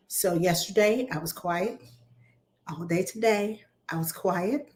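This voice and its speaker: A woman, talking casually to camera in a rambling, animated way, her voice still a little hoarse from laryngitis. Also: on the low side, measured pace. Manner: rambling, animated storytelling with restarts. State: recovering from laryngitis, slightly hoarse. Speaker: vlogger. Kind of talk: casual chatty talk to camera.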